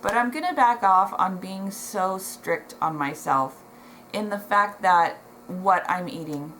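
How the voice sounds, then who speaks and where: A woman's voice: medium pitch, a bit bright, slight background noise, low-quality recording. A middle-aged woman vlogging from home, talking to the camera in a heartfelt, emotional way, with many ums and restarts. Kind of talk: casual chat to camera. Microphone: camera in front, reading notes below it.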